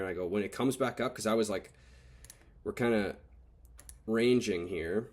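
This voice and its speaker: A man's voice: on the low side, fairly even intonation, moderate pace, a little mellow. A man recapping his day trades over charts, frustrated and swearing as he thinks aloud. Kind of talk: casual screen-recorded trade recap.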